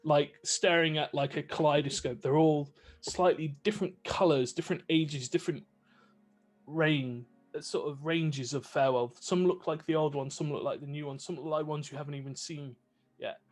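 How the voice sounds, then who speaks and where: A man's voice: a little high, fairly even intonation, normal speed, soft background music. A man narrating a tabletop game as game master, vivid with many fillers.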